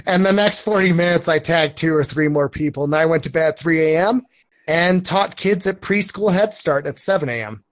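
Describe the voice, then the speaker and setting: A man co-hosting a casual podcast chat, telling rambling anecdotes in a lively way. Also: fairly high pitch, a little fast. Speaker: co-host.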